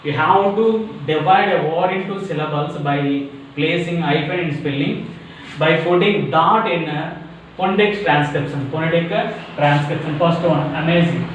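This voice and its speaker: A man with an Indian English accent teaching a lesson on syllables, repeating words and breaking them into parts, often asking if it is clear. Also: fairly high pitch, a little slow. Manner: repetitive, drills words syllable by syllable, asks "is it clear?". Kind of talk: classroom lecture on syllables. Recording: very echoey room, mic at a distance, faint noise.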